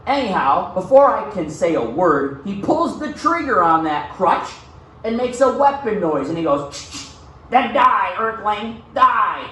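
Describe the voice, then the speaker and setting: A man's voice: sits high, very animated, measured pace, a bit bright, a little hiss or hum. A male teacher reads a novel aloud to his class and then talks it through in a casual way, often checking in with "okay?". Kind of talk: reading aloud and class discussion. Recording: very echoey room, far from mic.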